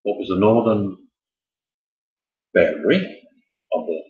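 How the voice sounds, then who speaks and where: A man's voice: deep voice, slow. A man hosting a casual quiz, joking and wandering off into chatty asides. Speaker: quiz host. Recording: echoey, muffled room sound.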